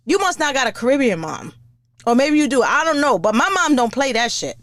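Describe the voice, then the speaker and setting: A woman's voice: high-pitched, normal speed, dry recording, studio quality. A woman hosting a podcast, ranting in a blunt, profane, comedic way. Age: older. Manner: blunt, profane, lively and animated. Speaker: podcast host. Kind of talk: casual comedic rant.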